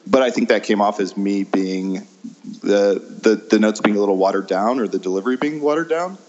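A man's voice: on the low side, a little fast, a little mellow. A man, an improv teacher chatting as an interview guest, hesitant with many ums and laughing at himself. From American Midwest. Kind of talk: casual interview chat. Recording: dull lo-fi sound.

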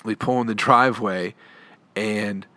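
A man's voice: lowish voice, fairly even intonation, a little slow, bright, forceful tone, dry recording. A young adult man on a comedy podcast, telling a long story in a rambling, profane, laid-back way. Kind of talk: storytelling monologue.

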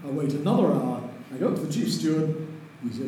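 Older man, lively storyteller, slightly high voice, very echoey room, faint noise. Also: quick pace. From Lancashire, England. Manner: lively, chuckles through stories. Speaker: interview guest, racing driver. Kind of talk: anecdotal storytelling.

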